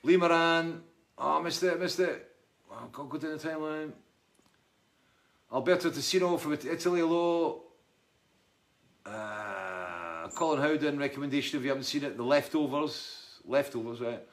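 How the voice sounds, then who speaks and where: A middle-aged Scottish musician reads out and answers viewer comments during a casual live chat. His fairly high voice moves at a normal speed, and his manner is rambling, chatty, and wry.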